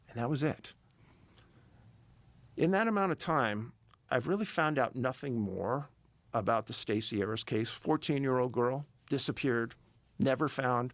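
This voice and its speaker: Gravelly man telling a story. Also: mid-range voice, a little slow, no room sound. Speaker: podcast guest, missing-persons researcher. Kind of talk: casual storytelling interview.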